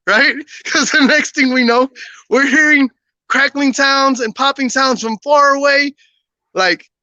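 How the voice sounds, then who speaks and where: A man who is a podcast guest, casually telling a personal story in an animated way, often laughing and acting out what people said. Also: extremely high pitch, unhurried, no room sound, lo-fi sound.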